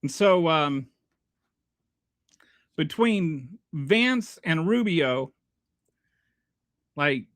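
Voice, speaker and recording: Give me a high-pitched man hosting a rambling, sarcastic political livestream. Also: animated, extremely slow, long pauses, dry recording, clean studio sound. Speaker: political commentary host. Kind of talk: livestream commentary reading chat. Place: home near a small Texas town.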